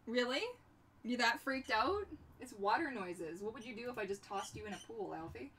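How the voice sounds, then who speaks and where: A young woman hosting a casual livestream from her home workshop, chatting in an animated way and talking to her pets. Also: on the high side, moderate pace. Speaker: livestream host. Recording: distant mic with background noise.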